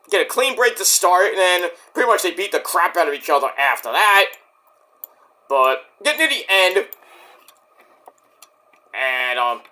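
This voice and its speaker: Animated, bright-voiced man recapping wrestling. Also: on the high side. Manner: animated, swears freely, acts out wrestlers' lines in shouted bursts. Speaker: wrestling show reviewer. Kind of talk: casual recap and commentary.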